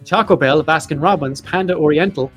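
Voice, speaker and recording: A man's voice: fairly high pitch, a little fast, faint music behind. A man hosting a podcast, reading off facts and lists in a casual chat with jokey asides. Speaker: podcast host.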